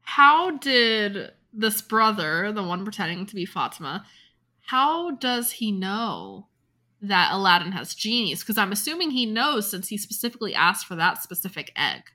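A woman's voice: medium pitch, very animated, moderate pace, sharp tone. A young woman in casual conversation, thoughtfully asking questions and musing aloud. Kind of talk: casual chat.

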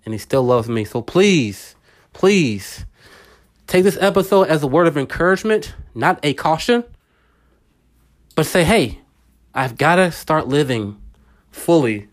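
A man in middle age speaks in a slightly raised pitch, circling back over his points with earnest, preacherly repetition. It sounds like a casual motivational podcast monologue. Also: sing-song, a little slow, long pauses. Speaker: podcast host.

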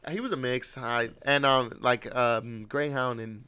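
A man's voice: medium pitch, measured pace, clear, resonant tone. Rambling, profane young man telling stories. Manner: rambling, profane, animated storyteller. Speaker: podcast host. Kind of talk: casual storytelling chat.

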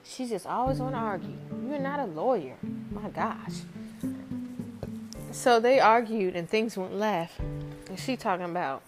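A woman's voice: mid-range voice, animated, moderate pace. A young adult woman hosting a casual storytelling podcast, venting in a chatty way and acting out the people she quotes. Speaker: podcast host. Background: background guitar music.

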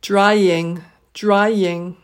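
A woman runs a pronunciation lesson at a very slow, careful pace. She reads each practice word twice, giving every sound room to be heard. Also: medium pitch, steady tone. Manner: says each word twice, clearly and slowly. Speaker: pronunciation teacher. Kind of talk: slow, deliberate pronunciation drill.

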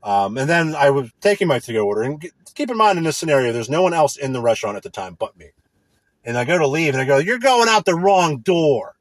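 A man's voice: medium pitch, lively intonation, quick pace, dry recording. A man in a casual, profane, indignant rant. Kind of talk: casual ranting monologue.

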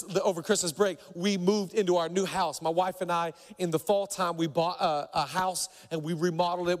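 A middle-aged man preaching a sermon as pastor, telling stories and acting out the people in them with big jumps in voice. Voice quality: acts out quoted voices with big pitch jumps. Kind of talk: sermon with animated storytelling. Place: church auditorium. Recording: long hall reverb.

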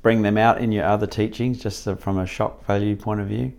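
A man's voice: lowish voice, steady tone, brisk, gravelly, a little mellow. A man interviewing a relative, asking short and casual follow-up questions.

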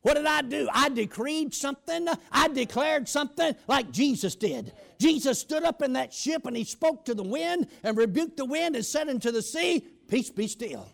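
A man preaching a storytelling sermon, shouting and slowing down for emphasis. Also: extremely high pitch, animated, gravelly.

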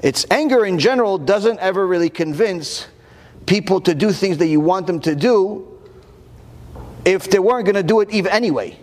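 A man giving a Torah lecture to an audience, animated and full of rhetorical questions, often repeating words while he searches for the next one. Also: sits high, moderate pace, long reverb tail.

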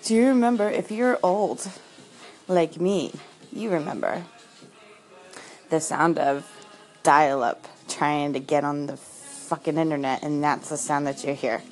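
Slow, low-voiced Philly woman host. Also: a little mellow, faint music behind, rough recording. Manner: sarcastic, rambling, laughs often. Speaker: livestream host. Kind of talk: casual chat.

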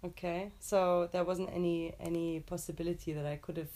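A woman's voice: lowish voice, little pitch movement, a little fast, dark tone. A young woman from Germany, telling a story in casual chat with her partner, laughing often. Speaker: co-host.

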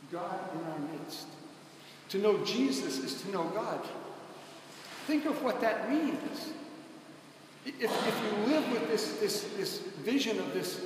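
A man's voice: high-pitched, background noise. A man preaching a sermon in a conversational, emphatic way, calling on the congregation to answer him. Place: church. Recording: echoey church hall, mic at a distance.

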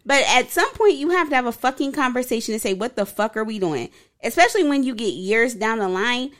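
A woman with a fairly high voice co-hosts a podcast. She talks bluntly and swears freely, with frequent laughter. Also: animated, brisk, a bit bright. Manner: blunt, profane, laughs often. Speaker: podcast co-host. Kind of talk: casual chat.

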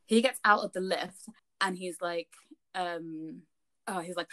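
A woman's voice: fairly low pitch, unhurried, pauses often. A young woman, telling a story in casual podcast chat, swearing freely. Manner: chatty, frequent swearing, animated retelling. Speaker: podcast co-host.

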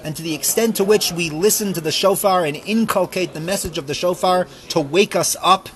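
A man teaching a Torah lesson, reading verses aloud and explaining them with fervent emphasis that falls back to quiet reflection. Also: sits high, a little fast. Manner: reads verses aloud, then translates and explains. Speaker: rabbi teaching a class.

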